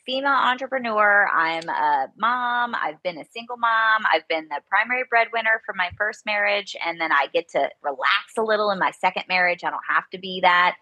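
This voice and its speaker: A woman's voice: mid-range voice, fairly quick, hardly any pauses, bright, forceful tone. A middle-aged woman, an entrepreneur and mom, talking reflectively as a podcast guest and agreeing readily. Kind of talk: casual spiritual conversation.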